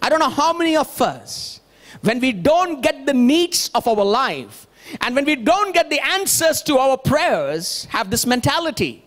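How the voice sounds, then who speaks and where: A man's voice: very high voice, big pitch swings, measured pace, fairly bright tone. A male pastor, preaching a sermon emphatically and asking the congregation rhetorical questions.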